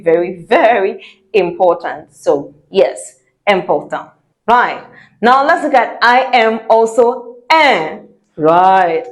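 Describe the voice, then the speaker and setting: A woman teaching French pronunciation at a relaxed, unhurried pace. She drills each word slowly and repeats it several times. A light laugh sometimes slips into her explanations. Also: medium pitch. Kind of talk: pronunciation lesson.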